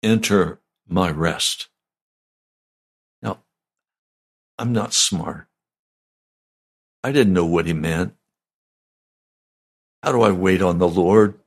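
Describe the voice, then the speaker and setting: An older man, a pastor, giving a slow, deliberate, conversational sermon. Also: deep voice, breathy edge.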